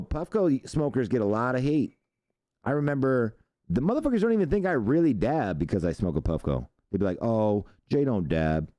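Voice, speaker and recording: A man's voice: mid-range voice, dark tone, dry recording. A man hosting a live stream, chatting loosely and profanely while he reads out viewer comments. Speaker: show host.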